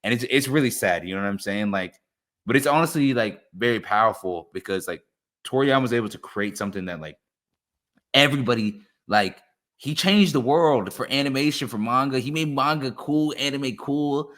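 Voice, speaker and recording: A young man co-hosting a podcast, chatting casually and excitably, swearing freely. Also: mid-range voice, normal speed. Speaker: podcast co-host. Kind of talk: casual chat.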